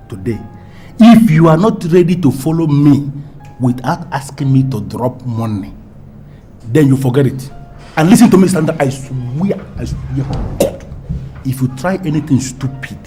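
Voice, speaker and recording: A man plays a domineering Nigerian-accented lover, menacing and grandiloquent, repeating himself for weight. His pitch sits mid-range for a man. A faint film score runs beneath him. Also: mellow, natural voice. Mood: scornful. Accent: Nigerian English. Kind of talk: Nollywood film acting.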